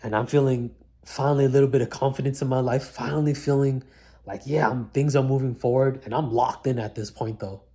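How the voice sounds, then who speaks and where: A vlogger recounts his own life in a single reflective take on one mic, talking casually and slangily with lots of "like" and "man." His voice is medium in pitch, mellow, fairly quick, and fairly even in intonation.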